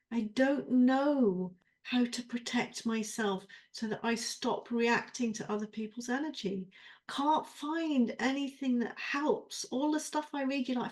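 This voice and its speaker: A woman co-host venting her frustrations in a coaching chat, rambling and exasperated, with swearing. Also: fairly high pitch. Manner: rambling, with self-interruptions. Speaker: podcast co-host. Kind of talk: venting during a coaching session.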